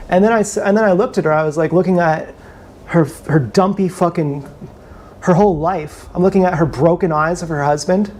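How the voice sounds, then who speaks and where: A man's voice: sits high, fairly quick, a little mellow. A man ranting bitterly and with contempt on a live stream, often repeating himself, filmed on an action camera. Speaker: vlogger.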